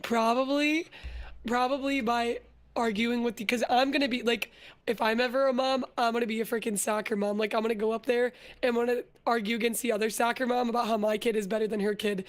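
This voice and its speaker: A young adult woman chatting playfully as a guest, quick to laugh and animated. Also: fairly high pitch. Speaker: vtuber guest. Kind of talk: playful casual chat.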